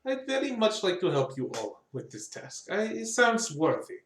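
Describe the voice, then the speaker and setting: A man's voice: high voice, big pitch swings, normal speed, roomy sound, noisy background, pitched above the performer's own voice. Man doing a fussy, effusive doll maker. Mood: welcoming. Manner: effusive, repeats words. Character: friendly, fussy male doll maker shopkeeper.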